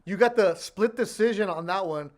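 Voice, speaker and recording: A man with a high-pitched voice, co-hosting a casual boxing chat. He cuts in to correct records and add dates. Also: normal speed. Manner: chimes in with facts and fight records. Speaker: co-host.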